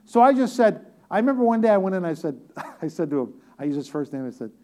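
A man's voice: high voice, big pitch swings, quick pace, darkish tone. A man preaching a conversational sermon, talking directly to the congregation with repeated phrases and joking asides.

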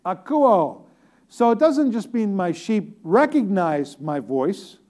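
Male preacher, casual sermon delivery, repeats himself, jokes with the room, voice on the higher side. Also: big pitch swings, slow pace, darkish tone. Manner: chatty, repetitive, joking asides to the congregation. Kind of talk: conversational sermon.

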